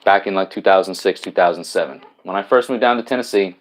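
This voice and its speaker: A man's voice: low-pitched, fast talker. A man with a New York accent hosting a live stream, chatting casually and answering viewer comments, rambling with many restarts. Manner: rambling, frequent restarts and repeated words.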